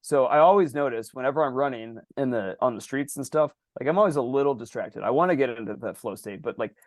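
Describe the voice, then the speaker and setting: A man co-hosting a podcast chats casually, spinning long, rambling stories full of swearing and acted-out quotes. His medium-pitched voice moves fast, in studio-quality sound without echo.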